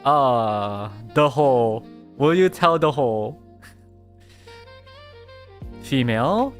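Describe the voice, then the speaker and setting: A man's voice: medium pitch, animated, drawn-out words, long pauses, faint music behind. A man streaming casually, talking playfully in a rambling way, full of fillers and restarts. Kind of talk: casual livestream chat.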